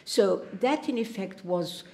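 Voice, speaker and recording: A woman's voice: mid-range voice, lively intonation, measured pace, dark tone. A woman from Palestine giving an earnest talk at a public debate, now and then stumbling and restarting a word. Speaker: invited speaker. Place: lecture hall. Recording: roomy hall echo.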